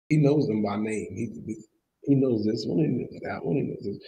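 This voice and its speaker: A man's voice: mid-range voice, moderate pace, creaky, mellow, rough recording. A man teaching a church Bible study, telling personal stories with feeling and laughing now and then. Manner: emotional, storytelling, laughs while preaching. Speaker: preacher.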